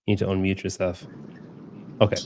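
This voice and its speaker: A man with a fairly low voice hosts a loose podcast chat. He jokes, rambles and fills his gaps with ums, moving the talk along between guests. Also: monotone, brisk, a little mellow, slight background noise. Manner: joking, rambling, many fillers. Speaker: podcast host. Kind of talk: casual chat.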